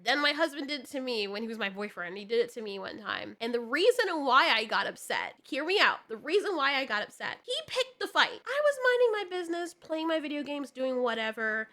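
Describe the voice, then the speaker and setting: Young woman, casual co-host, animated and blunt, bright voice pitched a little high. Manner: animated, swings between loud and hushed, swears freely. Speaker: podcast co-host. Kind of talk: casual advice chat.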